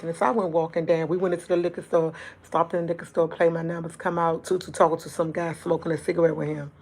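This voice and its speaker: A woman telling a rambling story to her livestream audience, talking fast and jumping from point to point. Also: lowish voice. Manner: fast, rambling talk that jumps around; chatty and animated when retelling events. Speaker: livestream host. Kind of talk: casual storytelling to a live audience.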